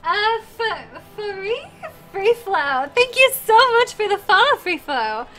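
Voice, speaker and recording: Very high, bright-voiced tearful woman streamer. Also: very animated, slow pace, faint music behind. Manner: gushing, apologetic, flustered. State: tearful, crying. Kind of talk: live stream chat thanking donors.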